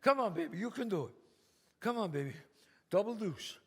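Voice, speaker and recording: A man playing a loud, bossy, profane mob boss in a one-man stage show. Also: high-pitched, animated, a little fast, husky. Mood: urgent. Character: brash swaggering mob boss man, middle-aged. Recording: live stage, long reverb, faint ambience.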